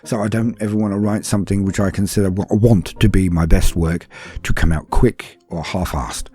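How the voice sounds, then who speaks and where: A man's voice: deep voice, fairly even intonation, a little fast, mellow. A British man from London hosting a casual podcast, answering patron questions in a chatty, self-deprecating way with frequent ums and asides. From London, England. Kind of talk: casual Q&A chat.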